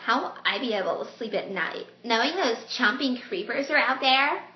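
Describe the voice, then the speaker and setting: A woman's voice: on the high side, lively intonation, normal speed, natural voice. A woman doing a worried young camper guy. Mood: anxious. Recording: roomy dull home video with faint hiss.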